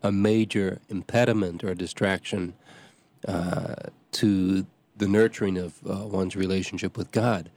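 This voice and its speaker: A middle-aged man, a parish priest hosting a show, talking casually in a halting way with many restarts and fillers. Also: deep voice, fairly even intonation, darkish tone. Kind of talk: casual talk.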